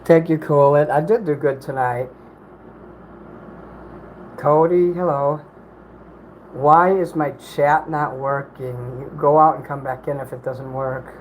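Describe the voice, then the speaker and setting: A man's voice: a little high, fairly even intonation, slow pace, pauses often, a little hiss or hum, low-quality recording. A man hosting a casual livestream from home, reading chat while he eats and rambles in an apologetic way, swearing here and there.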